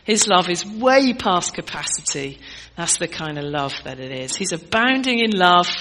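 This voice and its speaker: A woman's voice: lowish voice, lively intonation, moderate pace, a bit bright, rough recording. A middle-aged woman preaching a sermon in a conversational, teaching way, asking the congregation questions.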